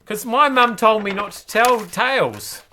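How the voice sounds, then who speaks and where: Bright-voiced New comedy host. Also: male voice, high-pitched, unhurried, slight background noise. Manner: rambling, hesitant, wry asides. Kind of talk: comic news commentary.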